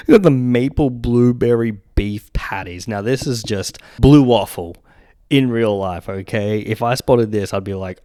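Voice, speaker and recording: A man's voice: medium pitch, unhurried, mellow, no echo, studio quality. A young man, ranting casually in a vlog, profane and joking, often laughing. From Australia. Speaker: vlogger. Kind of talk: casual chat.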